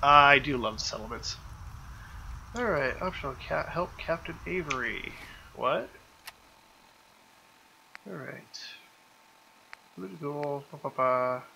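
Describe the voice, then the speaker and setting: A man's voice: on the high side, lively intonation, slow pace, gravelly, pauses often, bright, forceful tone, slight background noise, poor audio. A man giving casual gameplay commentary, musing aloud and humming to himself as he plays. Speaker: let's play host.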